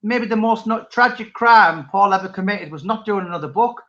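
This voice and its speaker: A man's voice: high-pitched, moderate pace, pushed and bright, highs cut off. A man chatting casually as interviewer, rambling with many restarts. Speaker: interviewer and author. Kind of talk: casual chat.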